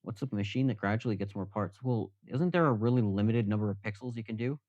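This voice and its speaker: A man's voice: fairly low pitch, fast talker, darkish tone, no room sound, muffled recording. A man casually chatting with viewers on a live stream, rambling and self-deprecating.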